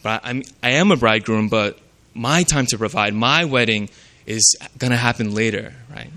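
A man with a bright, forceful, medium-pitched voice delivers a sermon at normal speed. His style is conversational, and he keeps checking in with listeners by saying "right?"

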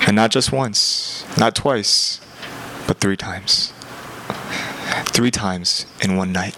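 A young man giving a sermon in a conversational, animated way, with emphatic repetition. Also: lowish voice, takes it slowly, noisy background. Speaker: preacher.

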